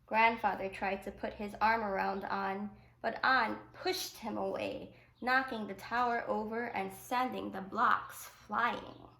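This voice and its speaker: A woman teacher reading a picture book aloud to children, with gentle asides explaining the story. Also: mid-range voice, steady tone, measured pace, vocal fry, hardly any pauses. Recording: echoey room.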